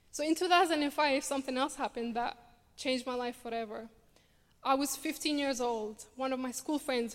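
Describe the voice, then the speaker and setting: High-voiced Scottish woman speaking on stage. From Somalia. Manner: earnest storytelling with dry humor. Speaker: refugee campaigner speaking at a charity show. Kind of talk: personal story told on stage. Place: large theatre stage. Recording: long theatre hall reverb.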